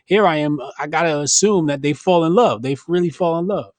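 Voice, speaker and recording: A man hosting a podcast in casual chat, speaking with blunt, animated, slangy banter. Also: on the high side, a little fast, no echo. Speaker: podcast host.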